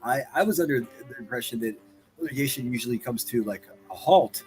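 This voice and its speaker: A man hosting a livestream, reacting to clips with profane mockery, jumping from loud outbursts to muttered asides. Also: medium pitch, expressive, a little fast, faint music behind. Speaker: livestream commentator.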